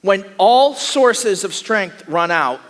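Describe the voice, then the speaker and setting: A man preaching a sermon as a pastor, animated, acting out the voices of the people he describes. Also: sits high, slow. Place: church sanctuary. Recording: long hall reverb.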